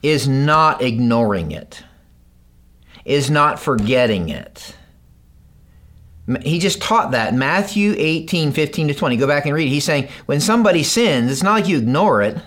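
A man's voice: lively intonation, normal speed. Man preaching with dramatic swings. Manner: dramatic, swings between loud emphasis and hushed low delivery; acts out the parable's characters in raised voices. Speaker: pastor. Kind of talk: sermon.

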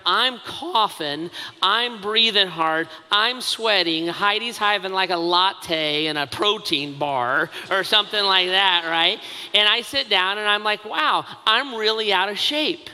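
Bright, high-voiced man preaching in a hall. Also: unhurried, clean tone. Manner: conversational and self-mocking, with many asides. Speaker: pastor. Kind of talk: sermon.

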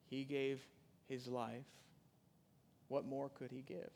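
A man preaching a sermon in a conversational way, with sudden loud rises and soft drops. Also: medium pitch, flat delivery, takes it slowly, gravelly, long pauses, slight background noise. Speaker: pastor. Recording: long hall reverb.

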